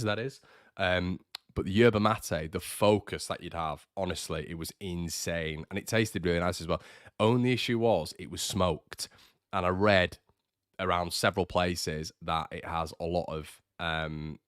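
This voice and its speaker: A man's voice: fairly low pitch, no echo, studio quality. A young man hosting a casual live stream, chatty and teasing as he reads out viewer comments. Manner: chatty and teasing, with frequent fillers and restarts. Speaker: host of a fan channel livestream.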